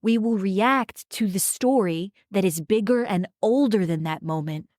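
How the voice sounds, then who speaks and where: A woman's voice: medium pitch, a little slow, a little mellow, no echo, studio quality. A woman co-hosting a podcast, talking earnestly and emphatically, often turning to address her listeners directly. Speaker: podcast co-host. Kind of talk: reflective podcast talk.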